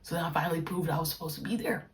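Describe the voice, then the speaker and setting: A young woman hosting a podcast, talking casually and reflectively in slang and stretching key words out slowly. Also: sits low. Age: young adult. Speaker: podcast host, pro basketball player.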